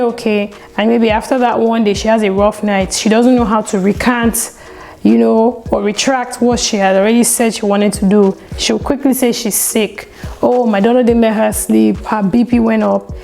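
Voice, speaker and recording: A young woman telling a story on her vlog in a chatty, animated way, full of "like" and "you know.". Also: on the high side, low-quality recording. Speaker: vlogger.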